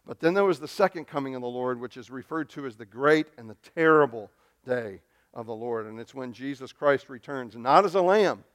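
A man's voice: mid-range voice, lively intonation, brisk. A man preaching a sermon as pastor, emphatic, often repeating words as he stresses a point.

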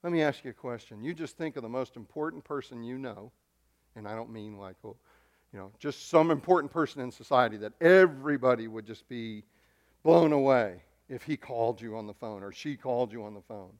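A man preaching a sermon, excitable and emphatic, often repeating words and swinging between loud stresses and quiet asides. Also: mid-range voice, a little fast. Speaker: pastor.

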